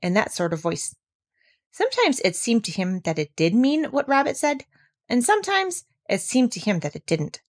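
A woman reading a children's story aloud with gentle, measured narration. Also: on the high side, big pitch swings.

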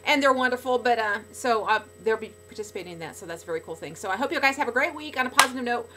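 A middle-aged woman talking casually to fans in a video blog, bubbly and gushing, swinging between loud excitement and soft sincerity. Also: fairly high pitch, racing, very noisy. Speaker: podcast regular speaking to fans.

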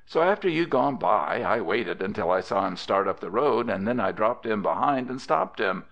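A man's voice: fairly low pitch, expressive, moderate pace, a bit bright, lo-fi sound. A man voicing a frank, easygoing young cowboy who talks in plain-spoken western drawl in an audiobook.

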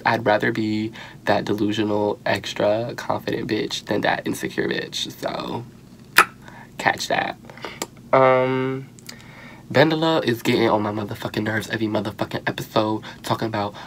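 A man's voice: lowish voice, normal speed, gravelly, a little hiss or hum. Sassy, profane young man reviewing TV. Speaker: reality TV reviewer. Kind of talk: casual vlog commentary.

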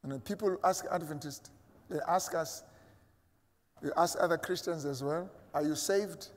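A South African man preaches a sermon as a pastor, his voice fairly high and his pace moderate, with a long reverb tail. He speaks emphatically and acts out the imagined voices of his listeners.

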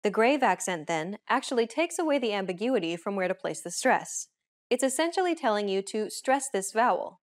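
Woman lesson host, clear measured delivery, mid pitch, scripted teaching read. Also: expressive.

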